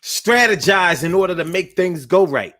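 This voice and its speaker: A man's voice: high voice, expressive, moderate pace, sharp tone. A man hosting a casual livestream talk, ranting bluntly and profanely in slangy street talk while reading viewer comments. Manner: blunt, profane, preachy rant.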